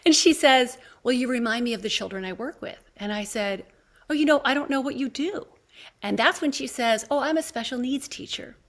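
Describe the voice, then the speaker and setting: Lively storytelling woman podcast host. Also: high-pitched, moderate pace. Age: 50s. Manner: animated storyteller acting out quoted dialogue. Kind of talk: casual conversation, storytelling.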